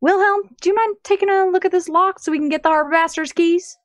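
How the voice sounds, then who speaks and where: A woman's voice: extremely high pitch, steady tone, fast, no room sound. A woman playing in a tabletop game, speaking in character with a folksy, polite drawl. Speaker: player. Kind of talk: in-character tabletop role-play.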